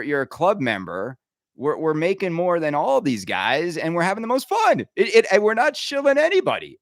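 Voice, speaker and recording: Animated sarcastic male podcast host. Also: a little high, dry recording, clean studio sound. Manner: animated, sarcastic, riffing with laughs and mock impressions. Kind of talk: casual ranting monologue.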